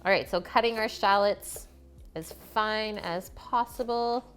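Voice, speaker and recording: A woman's voice: mid-range voice, a little slow, a bit bright. A woman hosting a live cooking stream, chatting casually with her viewers and answering them by name as she cooks in her kitchen. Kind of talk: casual chat while cooking.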